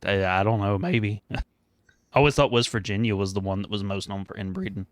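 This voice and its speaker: A man co-hosting a casual podcast chat, telling stories in a relaxed way with small fillers. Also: on the low side, moderate pace, no echo. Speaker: podcast co-host.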